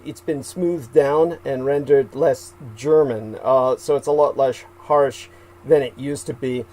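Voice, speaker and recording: A man's voice: mid-range voice, warm tone, rough recording. A man co-hosting a livestream, talking at length in a hesitant, rambling way full of fillers and restarts. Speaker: livestream co-host.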